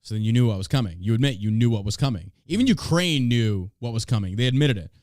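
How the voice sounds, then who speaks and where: A man's voice: mid-range voice, animated, fast talker, a little mellow, dry recording, studio quality. A man hosting a podcast, reading news aloud and ranting about it in a blunt, profane, way. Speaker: podcast host. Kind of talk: casual podcast commentary.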